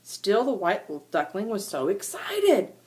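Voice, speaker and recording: An older woman reads a children's storybook aloud to her grandchildren. Her voice swoops up and down in a sing-song, animated way. A faint background noise sits under the reading. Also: mid-range voice, slow pace.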